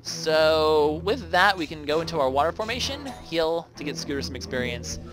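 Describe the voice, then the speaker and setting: A man's voice: fairly high pitch, lively intonation, normal speed. Chatty young man narrating a game. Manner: rambling, chatty, often trails off. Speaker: let's play commentator. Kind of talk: casual gameplay commentary. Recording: faint game music behind the voice.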